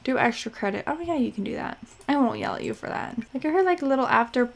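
A woman's voice: sits high, animated, fast. A young woman casually commenting as she plays a life-simulation game, chatty and scattered, bossing her game characters around. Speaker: let's play host.

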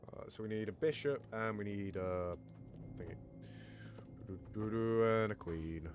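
A man playing a horror game with friends and commenting excitedly, swearing often and talking to himself. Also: fairly low pitch, unhurried, background noise. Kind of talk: let's play commentary.

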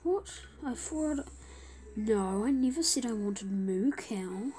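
Woman gamer, slightly high voice, unhurried commentary that slips into whispers. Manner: often drops to a whisper, with excited bursts. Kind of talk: gameplay commentary.

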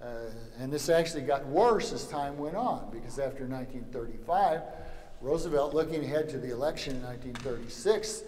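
In an echoey lecture hall with faint background noise, a Louisiana man delivers a wry, joking, anecdotal talk at a summer seminar, peppered with "you know." He speaks briskly at a medium pitch, with lively intonation and a darkish tone.

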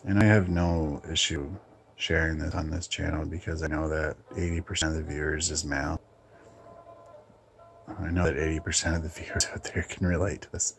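A man hosting his own channel, ranting bluntly in a casual, halting monologue. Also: rumbling low, creaky. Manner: blunt, opinionated, halting with restarts. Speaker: channel host.

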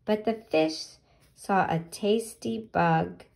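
A woman reading a picture book aloud to children, gently asking them questions about the pictures. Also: medium pitch, takes it slowly, creaky.

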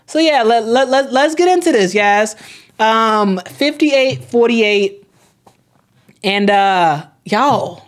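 Her voice is slightly high, animated and slow as she hosts a sports live stream. The young woman chats loosely, reads viewers' comments aloud, and often says things twice, padding her speech with fillers.

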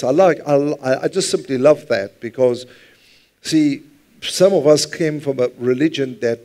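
Man preaching in a relaxed, conversational way. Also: a little high. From South Africa. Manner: conversational preaching, repeats words, calls for congregation responses. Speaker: pastor. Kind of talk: sermon. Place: church.

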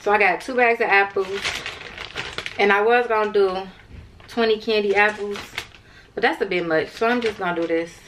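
A woman's voice: mid-range voice, fairly even intonation, moderate pace, background noise. A young woman vlogging in a casual, rambling way, tired and chatting to her viewers as "y'all". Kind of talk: casual vlog chat to camera.

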